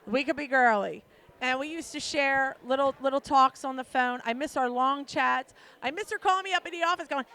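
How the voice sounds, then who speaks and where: Outspoken woman with gravelly high voice. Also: brisk, pushed and bright. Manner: blunt, outspoken, emotional. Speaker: hall of fame inductor. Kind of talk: emotional tribute speech.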